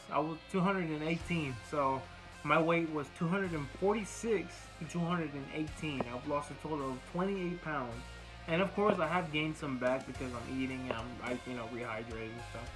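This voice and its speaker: A man's voice: fairly high pitch, rough recording. A young man telling a long, rambling workout story in casual talk, swearing freely and acting out what was said. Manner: rambling, profane, retells dialogue in quoted bursts. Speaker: vlogger. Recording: music playing clearly behind the voice.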